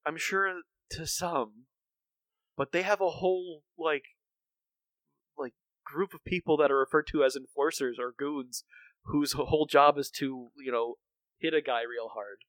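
In an unhurried, fairly bright voice on the high side, a man co-hosting a podcast chats casually about a cartoon episode. The recap rambles, with frequent fillers and restarts, and the recording has no room sound.

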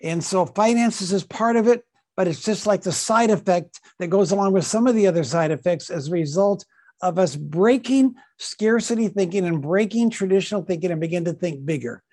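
A man speaks as a podcast guest in a high voice. He answers emphatically, stacking up repeated phrases one after another. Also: animated, moderate pace, a little mellow. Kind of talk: interview answer.

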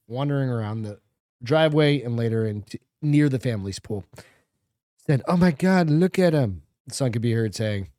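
A man's voice: mid-range voice, darkish tone, no room sound, studio quality. A man co-hosting a casual chat show, rambling and joking as he reads out a news story. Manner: rambling, jokey, reads news aloud and stumbles over names. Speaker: co-host.

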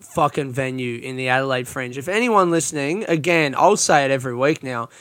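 A young Australian comedian rambles through a casual solo podcast, tired and yawning, swearing often and running himself down. His voice is mid-range, fairly quick and a bit bright, with no room sound, though it was recorded on a phone in a friend's hot house.

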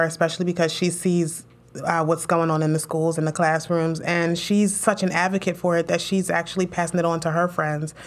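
A young woman legislator being interviewed, talking emotionally and animatedly about her work and family. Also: lowish voice. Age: young adult. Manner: emotional, animated storytelling with laughs. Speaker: state legislator.

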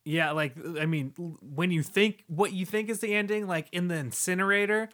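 Higher-voiced man chatting emotionally. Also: normal speed, a bit bright. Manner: emotional, rambling with many fillers. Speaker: podcast co-host. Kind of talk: casual chat.

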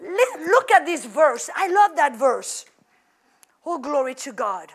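A woman preaching a sermon in an animated, exclamatory way, with lots of fillers. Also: high voice, takes it slowly.

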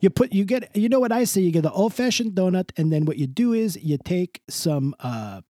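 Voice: mid-range voice, animated, a little fast, dark tone, no echo, studio quality, natural voice. A podcast host putting on a comic caricature character, a pushy, hospitable figure with a mock Italian-style accent and broken grammar, rambling and laughing. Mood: effusive. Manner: effusive, rambling, laughs a lot.

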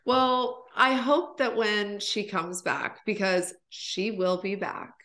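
A woman in her thirties chatting on a podcast in a bright, forceful voice. She rambles casually, packing her talk with fillers and swearing freely. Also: mid-range voice, takes it slowly. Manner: chatty, profane, lots of fillers. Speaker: podcast host. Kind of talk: casual chat.

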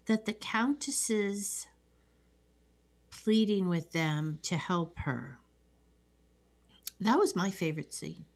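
A woman co-hosting a casual chat about a film, measured and thoughtful in how she talks. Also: fairly low pitch, expressive. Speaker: podcast co-host.

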